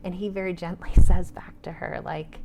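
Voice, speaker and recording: A woman's voice: lowish voice, fairly even intonation, moderate pace, background noise. A woman in her forties, an author and trauma therapist, talking animatedly on a panel and dropping to whispers for asides. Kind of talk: casual panel conversation.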